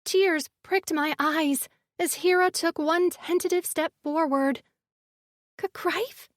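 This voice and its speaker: A woman's voice: very high-pitched, steady tone, takes it slowly, no echo, clean studio sound. A woman reading first-person audiobook narration with emotive storytelling.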